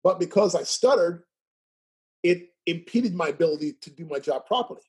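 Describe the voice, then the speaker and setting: A man's voice: high voice, animated, normal speed, a little mellow, husky. A man telling stories as a guest in a casual chat, who laughs often, keeps asking "right?" and stutters at times. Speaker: podcast guest.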